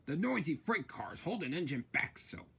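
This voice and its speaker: Man voicing a proud, grumbling storybook engine, lively and a bit husky. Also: fairly high pitch, normal speed, pitched above the performer's own voice, exaggerated voice. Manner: boastful then sulky grumbling. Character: big proud grumbling male steam engine.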